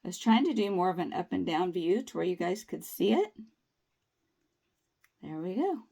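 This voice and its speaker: A woman's voice: fairly low pitch, sing-song, normal speed, gravelly, mellow, husky. A woman chatting upbeat and reassuring through a nail tutorial, with folksy phrasing. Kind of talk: casual tutorial talk.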